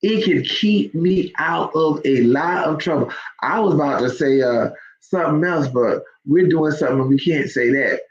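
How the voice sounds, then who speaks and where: A woman with a low voice, speaking at normal speed, hosts a live faith talk for online listeners over lo-fi sound. Her delivery is conversational and full of ums, then builds into emphatic exhortation.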